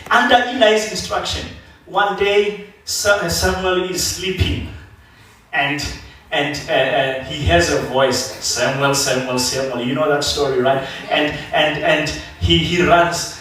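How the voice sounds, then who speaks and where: Brief: male preacher, high-ish voice, animated storytelling sermon, booming church hall, mic at a distance. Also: slow pace, a little hiss or hum. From South Africa. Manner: animated storytelling, acting out biblical figures. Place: church sanctuary. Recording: echoey church hall from far off.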